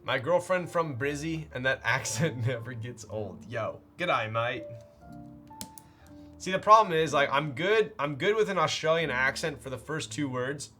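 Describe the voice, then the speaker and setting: A man's voice: a little high, animated, moderate pace, hardly any pauses, bright, forceful tone, soft background music. A man streamer talking casually while building a keyboard, rambling and playful, with lots of fillers. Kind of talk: casual live-stream chat.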